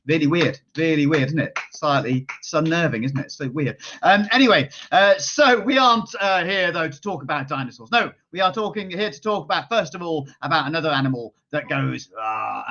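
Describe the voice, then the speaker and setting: Playful man leading a kids' show. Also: a little high. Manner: playful, chatty, coaxes the audience to join in. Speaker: children's author performing for kids. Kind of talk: lively children's show with call-and-response. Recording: dull lo-fi sound with loud guitar and keyboard music.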